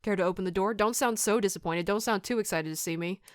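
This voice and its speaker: A woman reading the lines of a world-weary male detective in a lowered, deadpan voice, over game music. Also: quick pace, no echo, clean studio sound, lightly acted. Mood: blunt. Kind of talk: reading game dialogue aloud.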